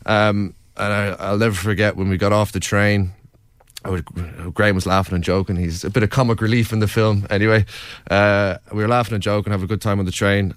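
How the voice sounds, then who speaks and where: A man's voice: low-pitched, no room sound. A young Irish man, a documentary filmmaker, earnestly recounting his experiences in an interview with many fillers. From Ireland, County Wicklow. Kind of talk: interview storytelling.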